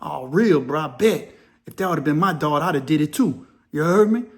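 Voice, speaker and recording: A man voicing an excitable male prison inmate who fires off disbelieving, slangy questions in a raised voice. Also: fairly high pitch, brisk, close to an everyday voice. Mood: approving.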